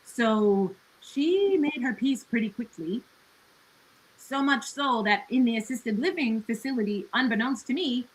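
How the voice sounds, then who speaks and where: As a podcast guest in a casual chat, she speaks earnestly and reflectively, filling her speech with "like" and "you know" and laughing between ideas. Her fairly high voice is animated but unhurried, captured in poor audio.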